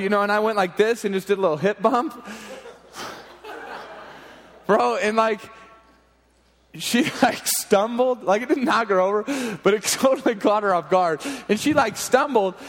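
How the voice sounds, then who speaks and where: A man in his thirties, a junior high pastor, telling a funny family story in an animated, laughing way. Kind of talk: storytelling sermon. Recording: long hall reverb.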